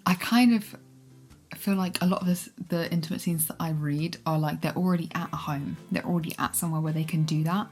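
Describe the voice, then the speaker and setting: A young woman talks through her reading in a loose, rambling way, with giggles and hushed whispered asides. Her voice sits a little low. Soft rain-and-fireplace ambience hums faintly behind her. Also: fairly quick, soft background music. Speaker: book vlogger. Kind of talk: casual reading vlog chat. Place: cosy room at home with rain and fireplace sounds.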